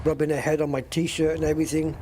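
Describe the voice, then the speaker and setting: A man's voice: on the high side, little pitch movement, fast, noisy background. Chatty man streaming a game, light-voiced. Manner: chatty and joking. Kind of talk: casual live-stream chat.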